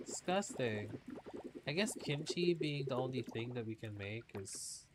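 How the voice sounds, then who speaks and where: A man's voice: mid-range voice, expressive, a little slow, a little hiss or hum. A man streaming a game, chatting casually in a rambling way and swearing now and then. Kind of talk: casual gameplay chat.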